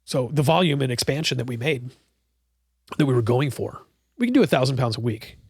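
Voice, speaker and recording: A man's voice: medium pitch, brisk, breathy edge, dry recording, clean studio sound. A man, a coffee roaster and cafe owner, telling stories as a podcast guest and acting out what people said. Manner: animated storyteller who acts out quotes. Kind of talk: casual podcast storytelling.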